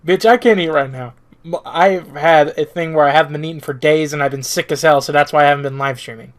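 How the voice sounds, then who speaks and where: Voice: medium pitch, fast talker. Blunt, chatty game streamer. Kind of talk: casual let's-play commentary.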